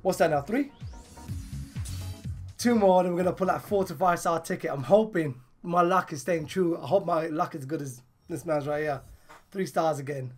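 A woman with a hoarse, partly lost voice giving casual commentary on her game pulls, excitable and bursting into laughs and shouts. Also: on the low side, normal speed, soft background music. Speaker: gaming channel host.

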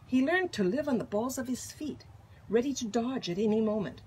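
An older woman reading a children's picture book aloud in an expressive, animated storytelling manner. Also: a little high, normal speed, a little hiss or hum, low-quality recording. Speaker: storybook reader.

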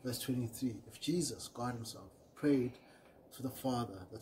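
Earnest male preacher, soft trailing phrases. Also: medium pitch, moderate pace, slight background noise, poor audio. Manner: earnest and repetitive, often trailing off quietly at phrase ends; reads scripture aloud, correcting himself with small apologies. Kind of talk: short devotional sermon.

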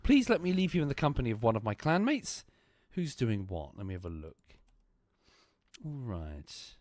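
A man's voice: on the high side, darkish tone, no room sound, clean studio sound. A man whose voice is failing, rambling and correcting himself with fillers as he wraps up a live game stream. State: voice failing, hoarse. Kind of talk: casual sign-off chat.

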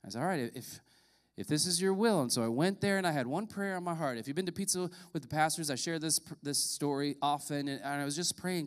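A man's voice: fairly high pitch, fast. A pastor in his late thirties or forties preaching a sermon, telling a personal story earnestly with emphatic rises.

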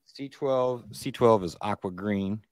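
A man's voice: fairly low pitch, unhurried, dry recording. A man co-hosting a casual talk show, easygoing and telling short stories. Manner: easygoing storyteller. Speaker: co-host. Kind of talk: casual podcast chat.

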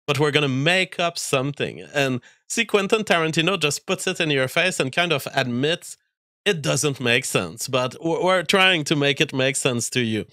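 A man's voice: a little high, animated, normal speed, pushed and bright, no room sound, clean studio sound. A man hosting a show and giving a casual spoken film review, exasperated and rambling, often breaking off and restarting sentences.

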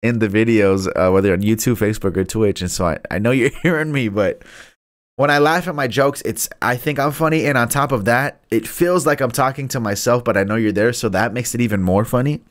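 A man's voice: mid-range voice, fairly quick. Easygoing man reading scripture aloud. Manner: laid-back and chatty, stumbles over names, laughs at his own jokes. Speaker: Bible study host. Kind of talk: live-streamed Bible reading with casual commentary. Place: room alone. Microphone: studio microphone.

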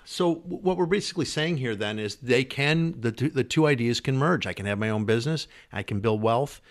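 A man's voice: medium pitch, animated, fairly quick. A man hosting a podcast interview, chatty and prone to repeating words as he thinks. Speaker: podcast host.

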